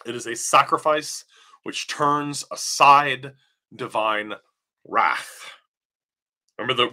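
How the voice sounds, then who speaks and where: A man preaching a sermon, emphatic and questioning, pressing his points home with rising force. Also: medium pitch. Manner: emphatic, rising to near-shouts on key points; asks questions then answers them. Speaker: pastor.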